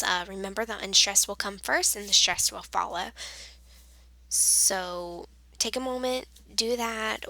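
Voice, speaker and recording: A woman in a whispered role-play as a patient teacher, slipping between a soft whisper and a quiet voice and explaining slowly with frequent fillers. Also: medium pitch, vocal fry, no echo, rough recording.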